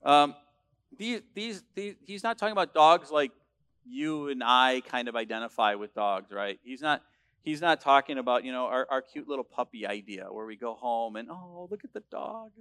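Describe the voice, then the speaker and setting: A male pastor preaching a sermon, emphatic and building to loud declarations, with frequent restarts. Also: medium pitch, moderate pace, smooth.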